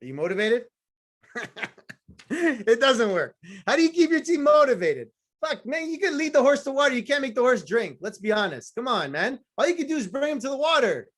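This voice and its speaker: High-voiced, fired-up male motivational speaker. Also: very animated, a little fast, fairly bright tone. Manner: blunt, profane, fired-up, teasing the audience; repetitive punchy phrasing. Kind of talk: live motivational talk to a sales team.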